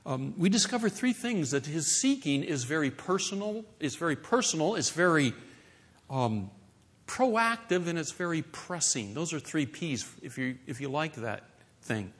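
A middle-aged man preaching a sermon in a conversational, animated way, with playful asides. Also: fairly high pitch, moderate pace, breathy edge. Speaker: pastor.

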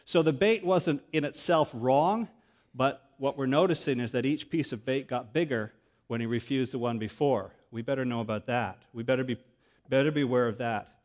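A man preaching a sermon, earnest and methodical, working through numbered points and dropping low and quiet when he quotes scripture. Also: moderate pace. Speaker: pastor.

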